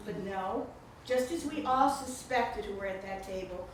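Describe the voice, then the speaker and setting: A woman's voice: mid-range voice, moderate pace. A woman of older age giving a chatty, laughing introduction at a book reception. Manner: warm, chatty, laughs often. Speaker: speaker introducing the author. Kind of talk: casual spoken introduction at a book event. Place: indoor reception room. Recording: echoey room, mic far off, noisy.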